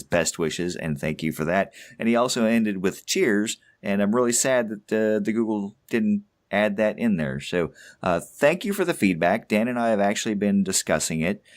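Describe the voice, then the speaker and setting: A man co-hosting a casual podcast, rambling along with stammered restarts and little chuckles. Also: lowish voice. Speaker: podcast co-host.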